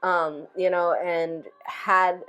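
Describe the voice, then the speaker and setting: A woman in her thirties hosting a podcast, telling personal stories in a relaxed, reflective way, full of filler phrases. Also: lowish voice, extremely slow, smooth. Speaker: podcast host. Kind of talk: casual heartfelt conversation.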